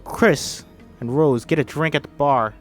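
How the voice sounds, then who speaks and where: Soft background music plays as a man with a voice on the high side reads a screenplay by himself. Going a little slowly, he voices every part and stumbles over words at times.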